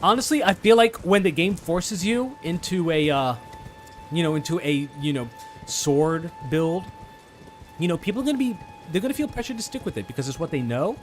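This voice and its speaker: Animated higher-voiced man chatting over gameplay. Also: a little fast, soft background music. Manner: excitable, swears, rambling restarts. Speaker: let's play host. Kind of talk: casual gameplay chat.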